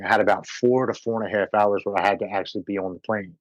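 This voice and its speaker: A man telling his personal recovery story as a podcast guest, earnest and slowing down on heavy moments. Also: lowish voice, fairly even intonation, no echo, low-quality recording.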